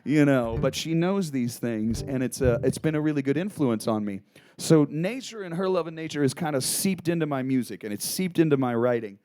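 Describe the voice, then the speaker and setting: A man's voice: on the high side, animated, a little fast, dark tone, clean tone. A guitarist and songwriter rambling through stage banter, joking and restarting his sentences between songs at a live club show. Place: small live music club. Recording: live club recording with music.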